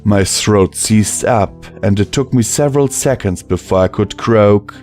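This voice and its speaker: A man narrating a fan fiction audiobook in the first person, emotional and measured. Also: on the low side, darkish tone. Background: faint music.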